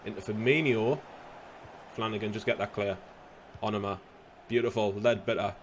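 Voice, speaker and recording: A young man commentating his own football video game, slightly hoarse, bursting into shouts and laughter at goals. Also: on the low side, normal speed, slight background noise. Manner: excitable, shouts at goals, casual swearing. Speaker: gaming youtuber.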